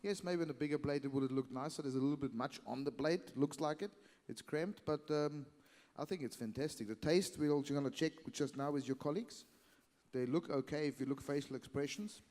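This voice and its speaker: A man's voice: on the high side, a little fast, a little mellow. Man interviewing in a reverberant expo hall. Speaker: interviewer at a chef competition event. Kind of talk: onstage interview.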